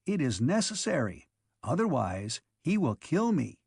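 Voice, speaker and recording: A fixated male robot , as a man reads him, lays out his logic in flat, methodical steps. The voice sits a little higher than the reader's own and sounds dry and close. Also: measured pace, vocal fry, husky, no room sound, exaggerated voice. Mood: earnest.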